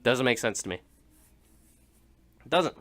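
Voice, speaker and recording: Bright-voiced joking male radio host. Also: medium pitch, animated, measured pace. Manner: joking, rambling with laughs and restarts. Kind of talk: casual comedic monologue.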